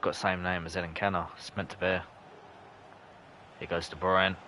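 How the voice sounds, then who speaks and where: A young man, streaming live, commenting on the match and chatting with viewers, breaking into shouts at close chances. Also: deep voice, level tone, moderate pace, a little hiss or hum. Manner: chatty, bursts into shouts at near misses. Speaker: gaming streamer. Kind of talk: live gameplay commentary and chat reading.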